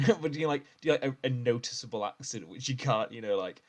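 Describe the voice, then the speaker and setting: A man's voice: mid-range voice, fast talker. A man from the UK co-hosting a podcast, telling stories in casual chat and laughing often. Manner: animated storyteller, laughs often. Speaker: podcast co-host.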